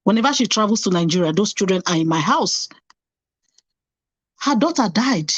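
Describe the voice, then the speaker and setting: A woman's voice: mid-range voice, animated, normal speed, no echo, highs cut off. A middle-aged woman telling a painful personal story earnestly, repeating phrases for emphasis. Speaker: guest telling her story.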